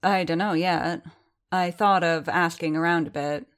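A woman voicing an earnest, cheerful young gentleman in an audiobook, speaking in a hesitant, hopeful way with words tumbling out. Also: lowish voice, fairly even intonation, measured pace, smooth, lightly acted. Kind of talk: audiobook character voice.

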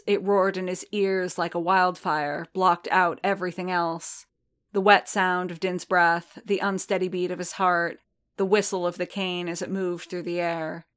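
Slow, steady female storyteller. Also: on the low side. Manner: slow, measured, even reading. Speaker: audiobook narrator. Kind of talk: scripted narration of a story.

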